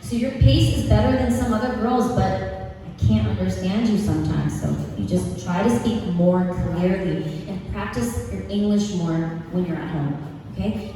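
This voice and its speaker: A woman's voice: mid-range voice, dark tone, slight background noise. A woman coaching students on public speaking, giving direct feedback and checking "okay?" after each point. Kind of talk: classroom feedback. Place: large room with students. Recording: echoey hall from far off.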